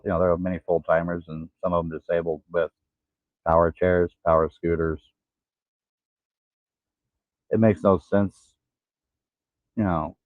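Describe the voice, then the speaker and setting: Tired 40s guy rambling through his story, real low voice, dry tinny phone-ish sound. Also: no room sound. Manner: halting, tired, pauses to catch breath. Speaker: vlogger. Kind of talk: casual personal vlog.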